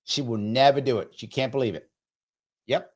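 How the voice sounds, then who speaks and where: A man's voice: medium pitch, moderate pace. A man hosting a live political commentary show, talking in a sarcastic, mocking way. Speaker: host.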